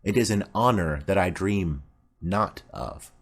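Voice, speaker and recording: A man's voice: low-pitched, animated, unhurried, exaggerated voice. A man voicing a polite, demure teenage girl in an audiobook play reading.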